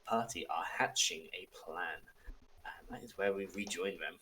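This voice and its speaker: A man hosting a tabletop game as dungeon master, narrating in a relaxed, measured way. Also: sits low, slight background noise, rough recording.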